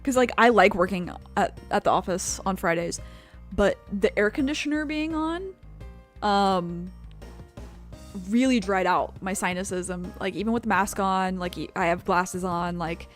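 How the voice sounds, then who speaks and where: A chatty young woman talks casually over a video game, laughing often as she rambles. Her voice sits at a middling pitch. Soft music plays faintly in the background. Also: moderate pace. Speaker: streamer. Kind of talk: casual gameplay commentary.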